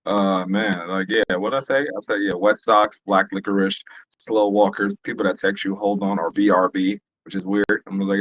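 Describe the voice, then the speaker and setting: Male podcast guest, lowish, muffled, halting and rambling. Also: steady tone, a bit bright, no echo. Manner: rambling, halting, with restarts and laughs. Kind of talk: casual chat.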